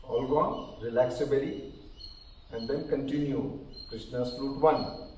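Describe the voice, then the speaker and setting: A man calmly guiding a group through yoga breathing and counting, slightly out of breath. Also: mid-range voice. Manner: calm, counting slowly, gently checking in. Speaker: yoga instructor. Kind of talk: guided breathing instruction. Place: large hall at a live session. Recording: very echoey hall, distant mic, faint noise.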